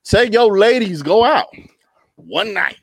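A young man and podcast co-host telling an animated comedic story in casual chat, laughing often and constantly checking in with his listeners. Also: high-pitched, slow, vocal fry, husky, no echo. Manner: animated storytelling with constant laughs and "you know what I'm talking about".

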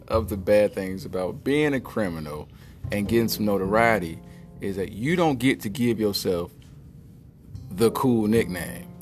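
A man hosting a podcast, telling a rambling, joking comedic monologue and slipping into silly voices. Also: lowish voice. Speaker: podcast host.

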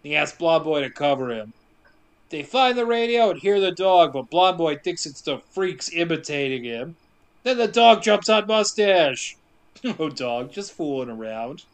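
Man with a higher voice recapping a film, joking. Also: smooth. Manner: joking, animated storytelling with quick asides. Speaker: podcast co-host recapping a movie. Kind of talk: casual movie recap chat.

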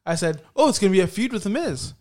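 A man co-hosting a wrestling podcast, animated and joking in casual chat. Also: high-pitched, quick pace. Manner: animated, joking, talks over his co-host. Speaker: podcast co-host.

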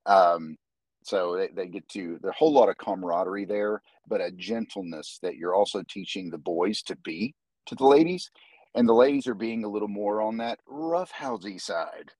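A man with a fairly low voice, guest on a casual podcast, explaining martial arts to the host. He tells stories animatedly, restarting phrases as he goes, and the sound is dry with no room echo. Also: moderate pace. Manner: animated storyteller, many restarts. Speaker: jiu-jitsu instructor, guest.

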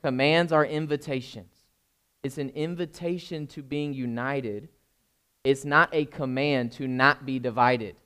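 A man's voice: medium pitch, fairly even intonation, a little slow, bright, forceful tone, smooth. A young adult man, a pastor, giving an informal sermon and often checking that his listeners are following. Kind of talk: conversational sermon.

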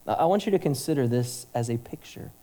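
A pastor delivers his sermon with an earnest, emphatic manner, posing question after question to his congregation. His voice sits at an ordinary middle pitch for a man. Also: animated, fast talker, mellow.

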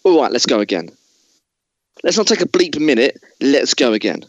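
A man's voice: medium pitch, sing-song, moderate pace, no room sound, pitched above the performer's own voice, poor audio. A man playing an enraged male film star who rants at a crew member and says "bleep" in place of swear words. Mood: furious. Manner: ranting, swearing with bleeps said aloud.

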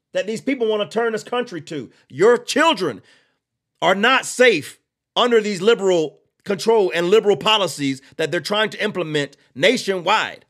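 A man hosting a political podcast, giving heated, blunt opinion commentary with slow, emphatic repetition and drawled asides. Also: high-pitched, lively intonation, fairly bright tone.

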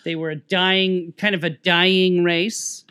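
High-voiced man agreeing along. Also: little pitch movement, slow, bright, forceful tone, clean tone. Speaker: podcast co-host. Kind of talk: casual movie discussion.

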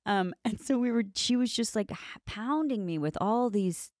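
A woman's voice: fairly high pitch, moderate pace, darkish tone, dry recording, clean studio sound. A woman hosting a casual interview, telling candid stories bluntly and swearing freely.

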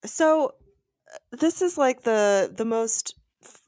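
A woman in a relaxed podcast chat, trading dry, wry remarks in an animated, expressive voice. Her sound is close and dead, with no room echo. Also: on the high side, slow pace. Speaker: podcast co-host. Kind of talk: casual book discussion chat.

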